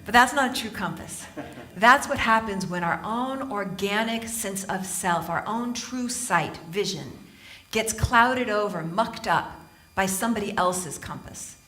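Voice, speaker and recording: Animated, bright-voiced woman speaker. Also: medium pitch, unhurried. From Southern California. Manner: animated storytelling, laughing often, playful asides. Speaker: motivational speaker and author. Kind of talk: humorous inspirational talk to a live audience. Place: stage at a spiritual center, live audience.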